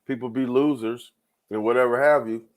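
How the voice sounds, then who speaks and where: A man's voice: medium pitch, fairly even intonation, moderate pace. A man hosting his own show, ranting in loose commentary with frequent profanity, repeated words and laughs. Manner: rambling, profane, repeats himself, laughs often. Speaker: show host.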